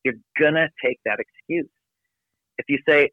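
A man giving an energetic, emphatic motivational talk from his office as a podcast guest. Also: a little high, no echo. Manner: energetic, emphatic, rapid coaching delivery. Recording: dry, phone-like narrow sound.

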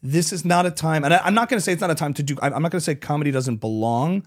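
A man, a comedian guest, talking in a casual podcast chat, animated and rambling with frequent restarts. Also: a little high, racing.

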